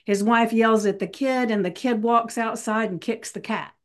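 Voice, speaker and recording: A woman hosting a casual chat who quickly laughs and agrees with her guest. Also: on the high side. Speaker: host.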